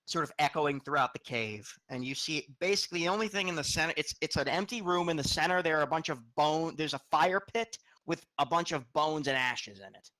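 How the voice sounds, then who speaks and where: A man runs a tabletop game as game master, with a bright, slightly high voice. He sets scenes and calls for rolls, often breaking off and restarting his sentences. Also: brisk, few pauses, poor audio. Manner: descriptive, restarts mid-sentence.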